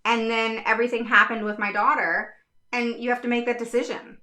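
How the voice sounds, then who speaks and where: Frank, bright-voiced woman advocate. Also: fairly high pitch, steady tone, a little fast. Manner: frank, blunt, swears casually. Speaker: special education advocate. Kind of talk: casual talk to viewers.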